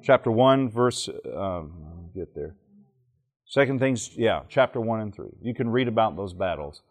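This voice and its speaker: A man's voice: lowish voice, lively intonation, measured pace. Joking man teaching a church crowd. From Alabama, southern United States. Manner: joking storyteller who quizzes the audience. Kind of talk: teaching talk to a live audience.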